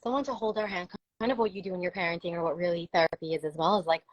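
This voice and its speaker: A woman's voice: on the low side, steady tone, rapid-fire, no room sound, dull audio. A woman talking earnestly and reflectively about supporting parents, in a casual live conversation with many "like" fillers. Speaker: parenting and trauma support speaker.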